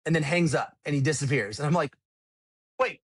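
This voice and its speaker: A man's voice: fairly high pitch, fast, slightly rough, no room sound. A man telling stories in a casual podcast chat, rambling and laid-back, swearing now and then. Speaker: podcast guest, tour manager. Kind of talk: casual storytelling.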